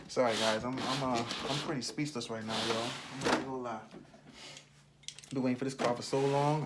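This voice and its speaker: A man, excitedly chatting through an unboxing video while slightly out of breath. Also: mid-range voice, heavy background noise. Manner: excitable, chatty, says "man" and "y'all" a lot. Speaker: RC car channel host. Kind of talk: casual unboxing vlog.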